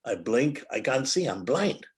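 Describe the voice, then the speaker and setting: A man's voice: medium pitch, sing-song, a little slow. Reflective older man telling a story. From India. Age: 70s. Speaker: guest, physician and author. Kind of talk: storytelling interview answer.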